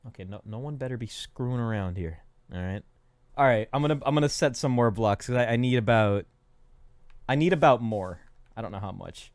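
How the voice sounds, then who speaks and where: A young man casually streaming a building game, rambling, cracking self-mocking jokes to his chat and counting out loud under his breath. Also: medium pitch, brisk. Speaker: gaming streamer. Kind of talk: casual live-stream commentary while building.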